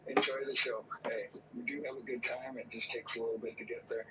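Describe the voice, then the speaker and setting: A man's voice: mid-range voice, flat delivery, fairly quick, crowd noise. A man, one of the drivers, chatting and joking wryly during a live race stream. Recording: distant dull mic with clear noise.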